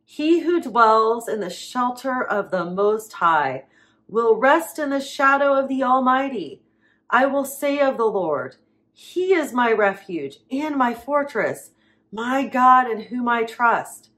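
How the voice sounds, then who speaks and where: Woman preacher, scripture reading, slow deliberate delivery, higher voice, emphatic pauses. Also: expressive, a bit bright.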